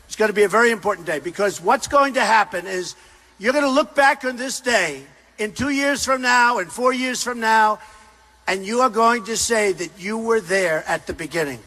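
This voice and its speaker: Shouting high-voiced older man at a rally. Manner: repetitive, emphatic, often shouting to a crowd. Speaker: political candidate at a rally. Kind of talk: campaign rally speech. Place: large university arena.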